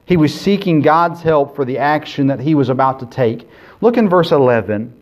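A man preaching a sermon as pastor, earnest, swinging between loud emphasis and quiet, intimate asides. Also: a little high, lively intonation, normal speed. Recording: dull lo-fi sermon recording.

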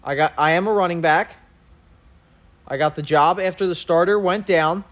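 A man's voice: sits high, moderate pace, fairly bright tone. A young man co-hosting a sports podcast, running a guessing game in an upbeat, game-show way. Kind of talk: casual sports chat.

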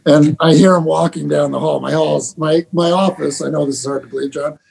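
A middle-aged man, a basketball head coach, telling animated stories with laughter and quick restarts in a casual interview. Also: on the high side, gravelly, slightly rough. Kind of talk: storytelling guest in a casual interview.

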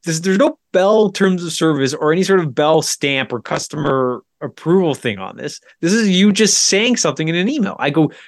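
A man's voice: on the high side, moderate pace, vocal fry, few pauses, no room sound, clean studio sound. A man co-hosting a podcast, casually telling a long anecdote and acting out both sides of the conversation. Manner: animated retelling, acts out both sides with repeated "I go". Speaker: podcast co-host. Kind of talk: casual storytelling chat.

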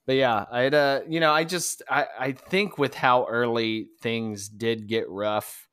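Man, podcast co-host, casual chat, halting storyteller, dry close mic. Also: medium pitch, fairly even intonation, a bit bright, clear, resonant tone, dry recording. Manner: rambling, halting storyteller with frequent fillers and restarts.

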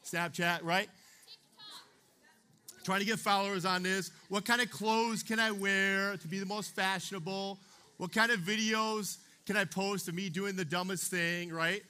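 This young man preaches to youth in a high-pitched, sharp, clear, and resonant voice, keeping a steady tone at normal speed. He's a chatty youth pastor who keeps checking in with "okay?" and "right?"

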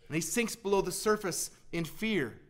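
A preacher delivering a sermon in a somewhat high, earnest male voice. He presses his points with loud emphasis, then drops to a hush that nearly becomes a whisper. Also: lively intonation, moderate pace. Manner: earnest, swings from loud emphasis to hushed, near-whispered lines.

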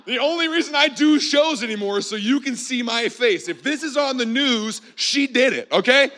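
A man's voice: very high voice, animated, moderate pace, bright, forceful tone. A man in his twenties doing a stand-up comedy set for a live audience, laughing at his own jokes and talking straight to the crowd. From Bible Belt of the US. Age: 20s. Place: church hall with a live audience.

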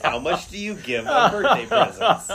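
A man's voice: high voice, big pitch swings, normal speed, crowd noise. A man co-hosting a podcast on an outdoor porch, ribbing his guest with dry humor. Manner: dry teasing. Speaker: podcast co-host. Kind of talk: casual chat.

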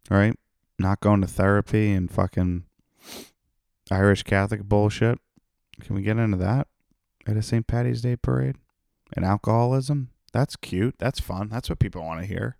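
A man's voice: fairly low pitch, moderate pace, creaky, long pauses, darkish tone, no echo, studio quality. A comedian hosting his own podcast, rambling and profane in a tired, self-mocking solo monologue. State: tired, yawning.

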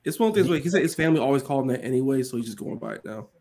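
A man's voice: medium pitch, lively intonation, very fast, warm tone, breathy edge. A man in casual sports chat, blunt and profane.

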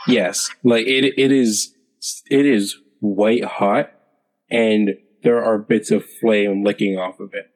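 A man narrating as game master of a tabletop game, hesitant and unhurried with many fillers. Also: on the low side, steady tone, a little mellow. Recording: long hall reverb.

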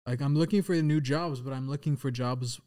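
A young man in his twenties talks through things as a podcast guest, rambling loosely and peppering his talk with "like" and the occasional curse. His voice sits at an average pitch. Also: steady tone, a little fast, warm tone. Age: 20s. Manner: rambling, casual, swears, lots of "like". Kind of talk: casual chat.

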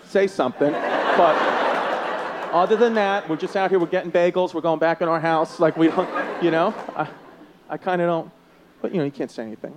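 Brash New York comedian, high voice. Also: male voice. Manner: brash, profane, laughing through punchlines. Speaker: stand-up comedian. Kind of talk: stand-up comedy with crowd work. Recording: loud live crowd and noise. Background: loud crowd laughter.

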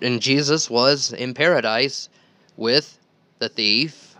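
Man, podcast host, bright crisp voice, earnest conversational bible teaching. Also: mid-range voice, no echo. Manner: earnest, conversational, with restarts and repeated phrases; reads scripture aloud.

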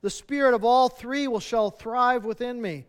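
A preacher reading aloud the lines of a remorseful old miser who pleads loudly with a spirit. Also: male voice, very high-pitched, normal speed, smooth. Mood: desperate pleading. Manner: loud, pleading, read aloud from a book.

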